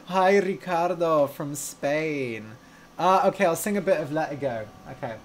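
A man's voice: a little high, very animated, slow, slight background noise. A young man who teaches English and hosts a podcast. He chats casually with learners on a live stream, gushing and playful, and laughs easily.

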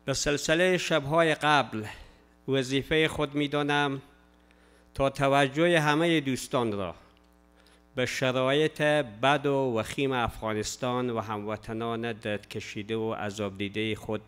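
A man hosts the program and addresses viewers with formal courtesy. He talks at a very fast clip in a smooth, resonant voice. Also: mid-range voice, fairly bright tone. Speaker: program host. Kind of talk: formal announcements.

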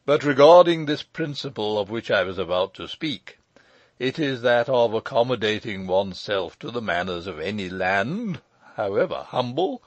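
A pompous old gentleman holds forth in a long-winded lecture, as a man reads him aloud. His pitch swings widely as he drones on. The audiobook recording is dry and a little dull. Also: dry recording. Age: older. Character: pompous elderly male lecturer, self-important.

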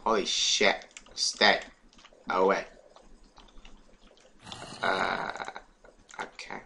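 A young man giving casual, excitable let's play commentary on a game, swearing and chanting words over and over. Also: sits low, a little hiss or hum. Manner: excitable, swears and sing-songs repeated words. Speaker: gaming YouTuber.

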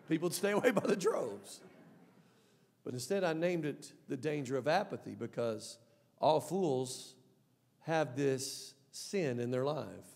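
Emphatic high-voiced male pastor preaching. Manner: emphatic, swings between soft and loud. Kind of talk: sermon. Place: church sanctuary. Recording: long hall reverb.

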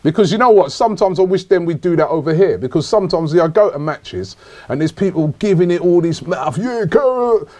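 A man hosting a casual football podcast, telling jokey, repetitive, animated stories. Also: on the high side, fast. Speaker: podcast host.

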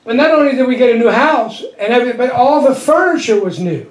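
A middle-aged pastor preaches in a church sanctuary whose walls throw his voice back with a strong echo. His voice sits unusually high for a man. He tells a folksy story with frequent chuckles and keeps the congregation answering back. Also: lively intonation, quick pace. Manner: call-and-response with the congregation. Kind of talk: sermon.

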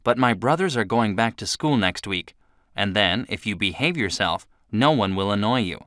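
A man voicing a kind, brave young girl who speaks earnestly and gently. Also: lowish voice, expressive, normal speed, no echo, studio quality.

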